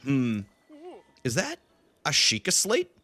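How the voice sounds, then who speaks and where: A man's voice: mid-range voice, huge pitch swings, takes it slowly, sharp tone, soft background music, heavily acted. A man reading a stern, formal male guard's game lines in his own voice. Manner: formal, read plainly off the screen.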